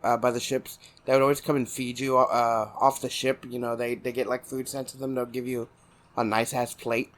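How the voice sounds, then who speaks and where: A man's voice: mid-range voice, flat delivery, normal speed. A man from South Texas, co-hosting a podcast in casual chat and telling meandering anecdotes. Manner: laid-back, meandering anecdotes. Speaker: podcast co-host.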